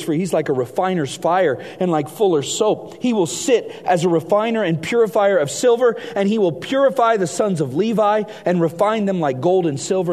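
A man preaching a sermon, reading scripture aloud and swinging between hushed and emphatic delivery. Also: fairly high pitch. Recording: long hall reverb.

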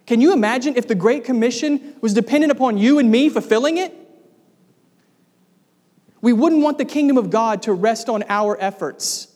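A man's voice: very high voice, moderate pace, darkish tone. A man preaching a sermon, speaking emphatically and putting rhetorical questions to the congregation. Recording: long reverb of a large hall.

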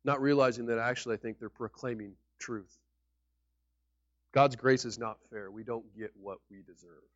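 A man preaching a sermon as pastor, emphatic, with sudden loud peaks on key words. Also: mid-range voice, steady tone, normal speed, no room sound. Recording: dull lo-fi recording.

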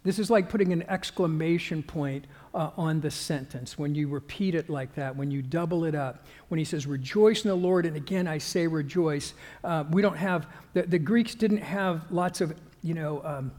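A male pastor giving a conversational sermon, halting with fillers and restarts and growing more emphatic as he goes. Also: a little high, darkish tone, long reverb tail.

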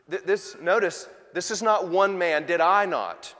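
Male preacher, high pitch, impassioned emphatic sermon, echoing hall. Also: moderate pace, hardly any pauses, a bit bright. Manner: emphatic, rising to pleading intensity in quoted voices. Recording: hall reverb.

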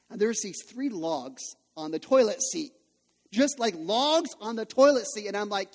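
High-voiced male pastor in a reverberant hall. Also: animated, moderate pace. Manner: conversational storytelling with rhetorical questions. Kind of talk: sermon.

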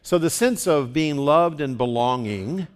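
A pastor preaching a sermon in church in a conversational way, asking the congregation questions. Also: male voice, a little high, lively intonation, a little slow.

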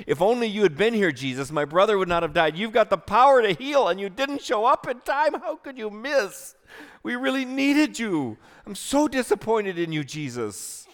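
A man's voice: medium pitch, sing-song, normal speed, hardly any pauses, voice pushed down, lightly acted. A man voicing a grieving sister who pleads and reproaches her friend for arriving too late. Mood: pleading reproach. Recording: long hall reverb.

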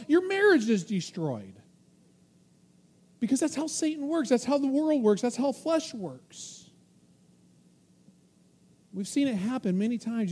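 A man preaching a sermon in a husky, breathy voice with a dark, mellow tone. He gets emphatic and acts out little voices of temptation and conscience as he goes. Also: extremely high pitch. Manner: animated preaching, acting out inner voices. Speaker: pastor.

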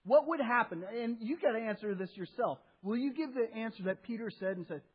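A man preaching a sermon as pastor, animated and acting out what people say, often repeating his phrases. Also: very high-pitched, a little fast, few pauses, husky, dull audio. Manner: animated, acts out quoted speech, repeats phrases.

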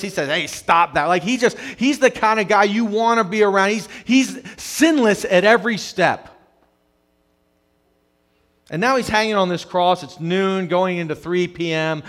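A male pastor preaching a conversational sermon, swinging from loud emphatic stretches to hushed, quiet ones, and often repeating words as he starts a phrase. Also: a little high.

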